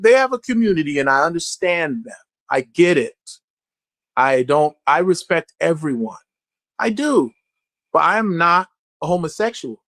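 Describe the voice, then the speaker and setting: A man speaking as an actor in a candid interview, blunt and profane, telling stories in an animated way. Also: sits high, no room sound.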